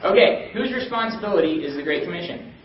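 A man leading a Bible study group, reading verses aloud and calling on listeners by name in an animated way. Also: high-pitched, quick pace, echoey room, far from the mic, muffled recording, a little hiss or hum. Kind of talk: teaching a group with questions. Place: room with a small group.

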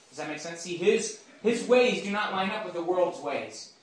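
A high-pitched man with lively intonation and a moderate pace leads a conversational Bible talk for a campus group. He often checks in with his audience, recorded from a distance in a very echoey space.

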